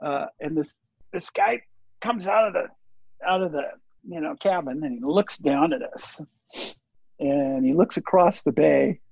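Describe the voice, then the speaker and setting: Gravelly, husky older man telling stories. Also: on the high side, a little slow, dry recording. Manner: rambling, animated, acts out quoted dialogue. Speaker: interview guest, surf filmmaker. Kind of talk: casual storytelling. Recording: dull lo-fi audio.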